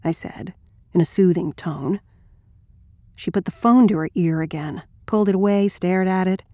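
A woman's voice: on the low side, normal speed, dark tone, no echo, clean studio sound, natural voice. A woman reading an audiobook as a blunt, wry, crude male ex-Marine narrator.

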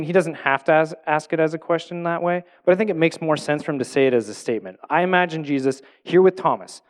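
Earnest man teaching from the Bible. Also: on the high side. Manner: reflective, earnest, asks the listeners questions; drops to a soft, quiet voice at tender moments. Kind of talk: sermon-style Bible teaching.

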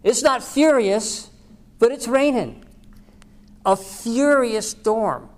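A woman's voice: on the high side, slow pace, a little mellow. A woman podcast host giving an earnest devotional talk, preaching with repeated phrases.

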